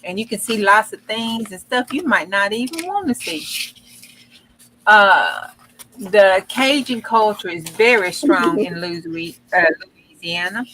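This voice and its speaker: A woman's voice: mid-range voice, expressive, slow, sharp tone, rough recording. A woman in casual livestream chat, reading fun facts in a folksy, chatty way and stumbling over words. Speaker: co-host.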